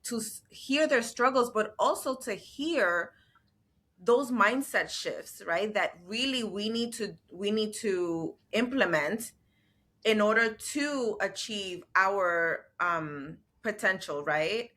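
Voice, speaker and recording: A woman's voice: mid-range voice, expressive, slow, a bit bright. A woman hosting a podcast interview, affirming her guest and tagging her points with "right?". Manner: affirming, often adds "right?" and "amen". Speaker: podcast host.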